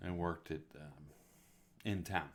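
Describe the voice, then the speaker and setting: Brief: male co-host, very low voice, tired, keeps answers short and easygoing. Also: slow, a bit bright, a little hiss or hum. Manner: short laid-back replies. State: sleepy. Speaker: podcast co-host. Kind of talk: casual chat.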